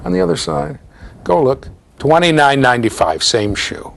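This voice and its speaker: A man's voice: medium pitch, lively intonation, moderate pace, vocal fry. A middle-aged American man giving a university lecture, telling stories with asides to his students. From United States. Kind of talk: storytelling classroom lecture.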